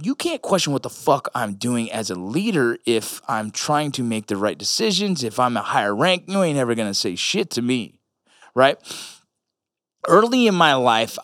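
A man's voice: mid-range voice, sing-song, moderate pace, fairly bright tone, no echo, clean studio sound. A man, a military veteran and father, talking casually in a blunt, profane way with rambling asides. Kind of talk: casual monologue.

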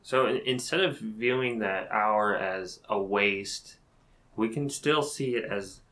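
A man's voice: on the low side, slow, bright, forceful tone, poor audio. A man co-hosting a casual podcast chat, talking earnestly and thinking aloud. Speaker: podcast co-host.

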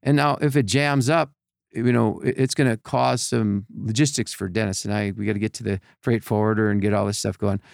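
A man telling animated stories in a casual chat, acting out other people's voices with lots of restarts. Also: on the low side, a little fast, gravelly, dry recording, clean studio sound. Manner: animated storyteller, acts out voices, many restarts. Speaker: podcast guest telling stories.

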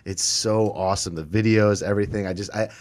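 A man's voice: on the low side, fairly even intonation, brisk, a little mellow. A male host interviewing a musician in casual chat, gushing with enthusiasm and often restarting his sentences.

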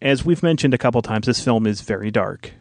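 Animated and a little fast, a medium-pitched man co-hosting a podcast explains film trivia at length in casual conversation. He's informative and goes deep into details, heard on a dry recording.

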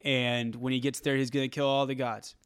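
A man co-hosting a casual movie review chat, animated and profane, often laughing. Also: mid-range voice, brisk, clear, resonant tone, dry recording, clean studio sound. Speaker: movie review podcast co-host.

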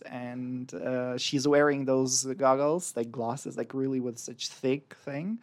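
Slow, hesitant podcast co-host. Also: medium pitch, flat delivery, a little mellow. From Ukraine. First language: Ukrainian. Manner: hesitant, many ums, laughs often. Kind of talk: casual podcast chat. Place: Berlin area.

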